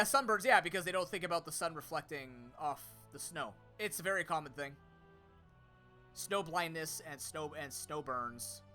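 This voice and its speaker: A little high, pushed and bright, this young man's voice is strained by a sore throat. As a streamer and content creator, he chats loosely and spontaneously on a live stream with many fillers and restarts, speaking to his chat and to off-mic friends.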